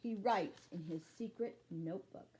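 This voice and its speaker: A woman teacher reading a chapter book aloud to children, slow and clear, pausing to ask young listeners questions. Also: on the low side, mellow, slight background noise.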